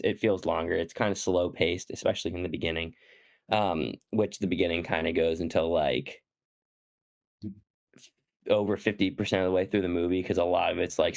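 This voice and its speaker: A man chatting casually on a podcast about a movie, pausing often with "um". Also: sits low, a little mellow. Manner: hesitant, many "um"s, easygoing. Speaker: podcast co-host. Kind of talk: casual chat.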